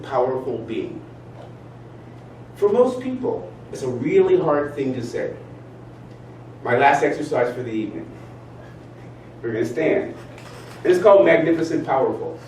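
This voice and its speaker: A man giving a motivational talk, animated as he leads his audience in spoken exercises. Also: mid-range voice. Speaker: speaker leading a talk. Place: event room with audience. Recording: roomy sound from far off, faint noise.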